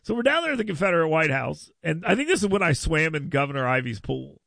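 A man's voice: fairly high pitch, sing-song, quick pace, gravelly, a bit bright, no room sound, clean studio sound. A man hosting a talk radio show, telling a rambling story full of mocking voices. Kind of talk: casual radio chat.

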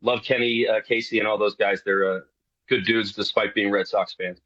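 A man's voice: fairly low pitch, fairly even intonation, normal speed, a bit bright, no room sound. Guy from new york, talks loose with lots of uhs, sounds kinda muffled and dry. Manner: rambling, many fillers and restarts. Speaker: guest, show co-host. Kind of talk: casual radio interview.

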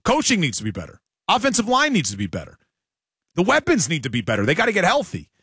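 A man hosting sports talk radio, making emphatic, animated points about his team. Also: high voice, quick pace, slightly rough, dry recording, clean studio sound.

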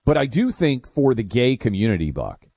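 A man hosting a call-in radio show, talking in a brash, joking, quick way. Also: medium pitch, sing-song, mellow, no echo, clean studio sound. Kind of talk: casual talk radio banter. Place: radio studio.

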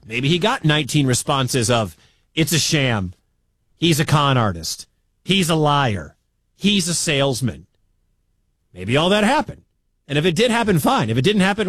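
A man from the American Midwest hosting a sports talk radio show, talking in an animated, incredulous way with quick asides. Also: a little high, no room sound. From Midwestern United States.

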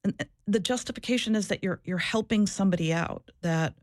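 A woman's voice: medium pitch, fairly quick, dry recording, studio quality. Earnest woman recounting her past. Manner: earnest, reflective, many restarts and repetitions. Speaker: former social worker, guest. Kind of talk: candid interview talk.

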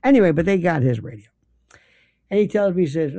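A man's voice: high-pitched, fast talker, long pauses, no room sound, clean studio sound. A man hosting a talk radio show, telling opinionated stories and acting out the people he quotes. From New York. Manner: animated storytelling, acts out quoted people.

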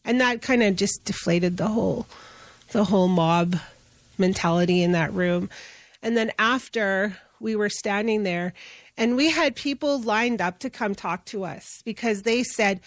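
A middle-aged Canadian woman, a justice advocate appearing as an interview guest, tells a story in an earnest, conversational manner full of fillers and restarts. Her voice sits at a medium pitch and moves unhurriedly, with no room sound in the recording.

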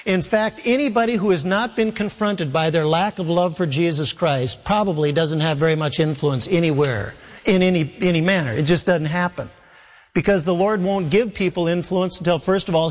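Preacher, male, fairly high voice, earnest sermon delivery, long church reverb. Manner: earnest preaching, voicing Jesus in quotes. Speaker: pastor.

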